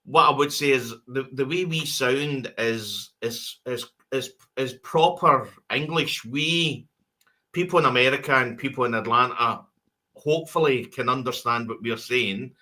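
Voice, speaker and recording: A man's voice: medium pitch, unhurried, bright, forceful tone. A Scottish man co-hosting a casual podcast chat, rambling through thoughts with lots of restarts and repeated words. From Scotland. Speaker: co-host.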